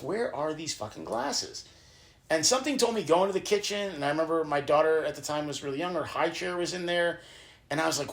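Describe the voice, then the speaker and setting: A man hosting a podcast, telling personal stories in an animated, profane, casual way. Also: on the high side. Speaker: podcast host. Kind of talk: casual storytelling chat.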